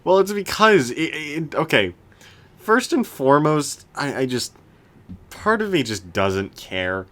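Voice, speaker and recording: A young man co-hosting a casual podcast chat, rambling with lots of restarts and animated rants. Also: fairly high pitch, a little slow. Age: young adult. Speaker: podcast co-host.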